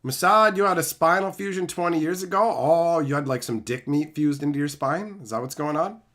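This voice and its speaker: A man's voice: fairly high pitch, a little fast. A man from Canada, a YouTuber ranting profanely on a livestream. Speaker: YouTuber and streamer.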